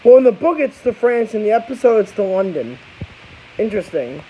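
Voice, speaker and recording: A man's voice: high voice, very animated, fairly quick, dark tone. A tired young man casually reviewing a book and its episode, rambling and swearing, with many restarts. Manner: rambling, profane, restarts a lot. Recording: dull hissy home recording.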